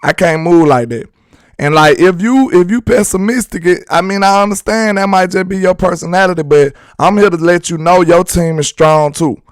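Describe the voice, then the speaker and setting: A young man hosting a sports talk show, talking fast and slangy while firing up fellow fans with confidence. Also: sits high, smooth, no echo. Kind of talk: fired-up sports fan talk.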